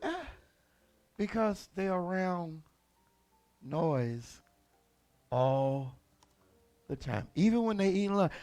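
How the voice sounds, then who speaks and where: A man preaching a sermon as lead pastor, colloquial and animated. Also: high voice, very slow, pauses often, faint music behind. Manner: animated, colloquial, acts out characters.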